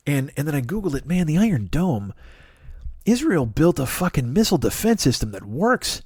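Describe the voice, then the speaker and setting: A man in his forties, host of a comedy podcast, rambling through a profane, animated monologue with lots of asides. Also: fairly high pitch, a little fast, dry recording, clean studio sound. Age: 40s.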